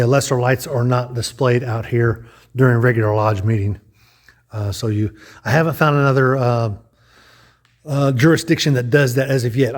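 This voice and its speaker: Man, touring vlogger, casual, musing, thinks aloud, restarts, mid pitch. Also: a little mellow. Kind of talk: casual walkthrough narration.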